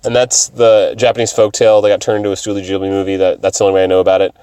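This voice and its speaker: A man's voice: lowish voice, little pitch movement, rapid-fire, dark tone, clear, resonant tone, no room sound. A man hosting a podcast, rambling casually with lots of fillers and swearing. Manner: profane, rambling, full of fillers. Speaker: podcast host.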